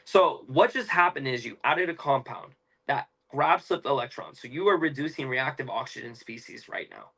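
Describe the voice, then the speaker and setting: A young man, an interview guest, explaining at length in a fast, emphatic, casual way with slang. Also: mid-range voice, pushed and bright, husky, poor audio.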